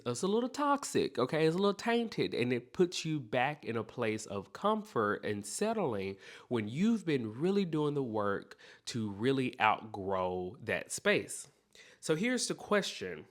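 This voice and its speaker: A man hosting a self-help podcast, talking straight to the listener in an animated, encouraging way. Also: mid-range voice. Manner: animated, speaks straight to the listener with repeated okays. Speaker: podcast host.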